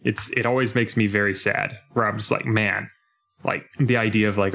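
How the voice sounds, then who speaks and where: Young male podcast co-host, slightly low voice, lively, casual chat with quick mock voices. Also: creaky. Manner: animated, breaks into mock voices when retelling scenes.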